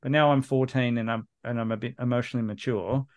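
A man's voice: medium pitch, fairly even intonation, fast, darkish tone. A middle-aged man hosting a casual podcast chat, telling stories animatedly and mimicking kids. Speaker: podcast host.

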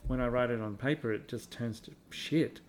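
A man's voice: mid-range voice, moderate pace, a little hiss or hum. A middle-aged man, an English teacher chatting casually and rambling through stories. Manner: rambling, animated when retelling conversations. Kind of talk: casual chat.

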